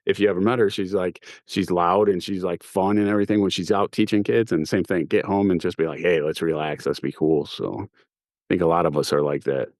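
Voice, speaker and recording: A man with a very deep voice makes his point earnestly in casual podcast chat, repeating "you gotta." The sound is close and dry. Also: a little fast, a little mellow, no echo.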